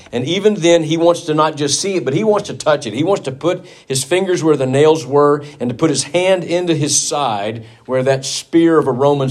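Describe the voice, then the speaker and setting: A man preaching a sermon in a church, telling a Bible story earnestly and leaning hard on key words. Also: medium pitch. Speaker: pastor.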